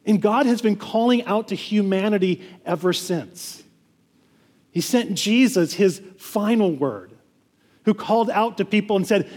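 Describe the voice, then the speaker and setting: A man with a high-pitched voice preaches a sermon to his congregation. He talks earnestly and often repeats words and restarts his phrases. His voice rings with a long reverb, as in a church sanctuary. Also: measured pace, a little mellow, breathy edge. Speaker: pastor.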